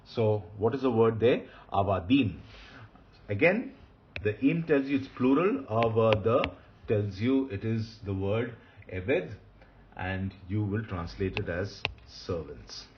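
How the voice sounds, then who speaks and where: A man giving a recorded grammar lesson, explaining step by step and repeating each term slowly. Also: on the low side, animated. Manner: methodical, repeats terms slowly. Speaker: Hebrew grammar teacher. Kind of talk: recorded lecture. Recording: dull lo-fi sound with faint hiss.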